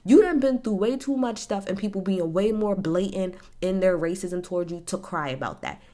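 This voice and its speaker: Woman host, blunt and animated, swearing recap talk, mid pitch. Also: normal speed. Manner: blunt, animated, swears freely, talks straight at the people she discusses. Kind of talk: casual opinionated recap.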